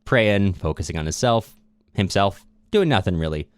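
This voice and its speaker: A man's voice: low-pitched, animated, moderate pace, smooth, dry recording, studio quality. A man co-hosting a casual literature podcast, retelling a plot loosely with fillers and chuckles. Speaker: podcast co-host.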